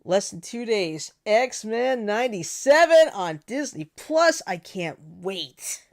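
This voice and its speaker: A woman co-hosting a casual talk show, chatting with animated delivery and frequent laughter. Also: mid-range voice, slow pace. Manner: animated, laughs often, quotes cartoon lines. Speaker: podcast co-host. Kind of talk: casual chat.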